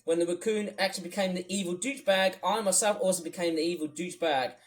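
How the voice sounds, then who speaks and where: A man from the UK rambling through a livestream commentary, wordy and repetitive, swinging between loud bursts and low mutters. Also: fast, low-quality recording. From United Kingdom. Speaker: YouTuber. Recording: faint music under the voice. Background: music playing.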